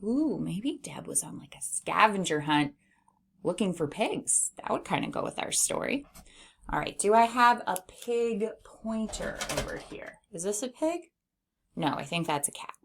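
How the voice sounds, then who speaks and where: A woman teaching an early reading lesson, sounding words out slowly for young children. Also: mid-range voice, expressive, creaky, a little hiss or hum. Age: adult. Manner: slow, sing-song teacher voice, sounding out words.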